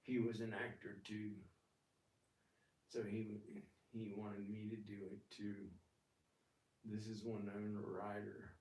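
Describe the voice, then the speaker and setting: A man doing a slow, boastful rich actress. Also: fairly low pitch, bright, forceful tone, far from the mic. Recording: echoey room, off-mic.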